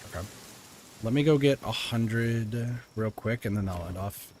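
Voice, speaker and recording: A man's voice: on the low side, unhurried, a little mellow, slight background noise. A man streaming a game, chatting casually and thinking aloud as he plays, with loose fillers. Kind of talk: casual gameplay commentary.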